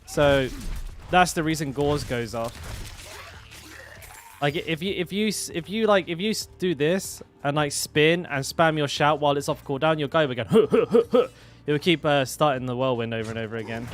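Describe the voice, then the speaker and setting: A man's voice: fairly high pitch, moderate pace, fairly bright tone, faint music behind. Chatty man streaming a game. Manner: chatty, rambling, restarts sentences, laughs often, swears casually. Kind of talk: casual live-stream commentary.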